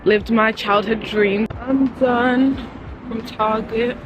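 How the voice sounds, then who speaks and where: A young woman from the United Kingdom, chatting excitedly in a casual travel vlog while walking city streets, filmed on a handheld phone. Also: a little high, slow, over loud music, rough recording. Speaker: travel vlogger.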